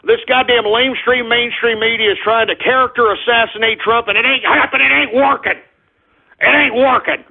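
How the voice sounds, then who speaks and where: A man's voice: very high voice, fairly even intonation, fairly quick, gravelly, slightly rough, phone-quality sound. A man hosting an internet radio show, ranting agitatedly and cursing at trolls. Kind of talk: live call-in style radio rant.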